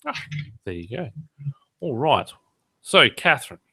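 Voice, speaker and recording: A man's voice: mid-range voice, very animated, a little slow, bright, forceful tone, breathy edge, no room sound. A man hosting a podcast in casual, joking chat with many fillers. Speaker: podcast host.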